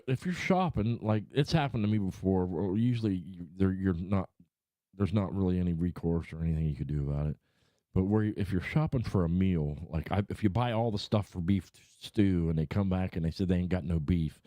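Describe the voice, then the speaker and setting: A middle-aged man talks to his livestream viewers in a low, warm voice, heavy with swearing and restarts. He rambles and gets worked up when he complains. The sound is dry and close, with almost no room echo. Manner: profane, rambling, worked-up ranting. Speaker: livestream host. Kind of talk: casual rant and chat to viewers. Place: home room.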